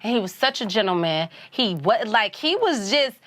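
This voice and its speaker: A woman's voice: medium pitch, moderate pace. Candid woman telling a personal story. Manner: animated, drops into quoted voices, many "you know what I'm saying". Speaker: podcast guest.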